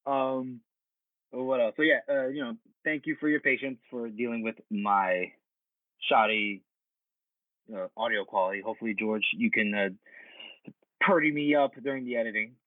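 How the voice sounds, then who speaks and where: A man hosting a podcast from the road, relaxed, thanking listeners and moving the show along. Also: mid-range voice, moderate pace, long pauses, dry recording. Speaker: podcast host. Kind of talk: casual chat. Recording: dull lo-fi travel mic.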